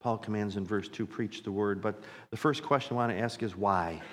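A man's voice: lowish voice, steady tone, a little fast, few pauses, long reverb tail. A man preaching a sermon as pastor, earnest and repeating phrases for emphasis as his intensity builds.

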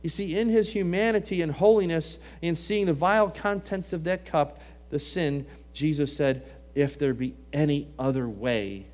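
A male preacher with a slightly high voice delivers a sermon. He drops to near-whispers for solemn points and rises to forceful emphasis, and he recites scripture in archaic phrasing. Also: normal speed, hardly any pauses. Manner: dramatic swings between hushed and raised delivery; quotes scripture in old-fashioned wording.

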